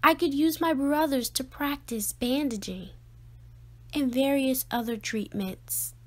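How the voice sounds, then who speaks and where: A woman's voice: sits high, unhurried, a little mellow. A woman doing a bold, dramatic little girl. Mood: earnest. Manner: emphatic, indignant questions.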